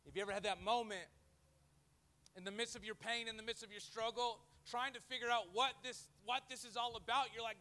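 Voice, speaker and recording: A pastor preaches a sermon to a live church audience, lively and joking as he acts out the voices of people he quotes. His voice sits high and moves a little fast.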